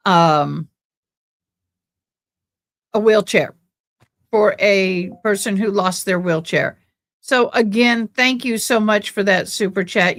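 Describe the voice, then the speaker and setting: A woman with a Texan accent, hosting a casual livestream and rambling as she thanks viewers. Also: medium pitch. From born in Tennessee, raised in Texas. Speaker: livestream host.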